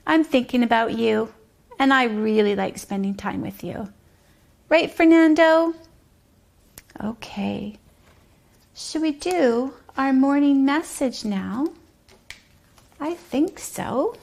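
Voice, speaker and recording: A woman leading a preschool circle time outdoors, talking slowly and sing-song, sometimes dropping to a whisper for guessing games. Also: high voice, lively intonation, vocal fry. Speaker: preschool teacher.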